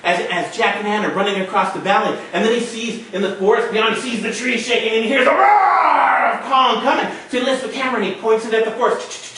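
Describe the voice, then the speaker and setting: A male storyteller performing a tale dramatically, with shouted sound effects. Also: very high voice, fast, few pauses, slight background noise. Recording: echoey room, mic far off.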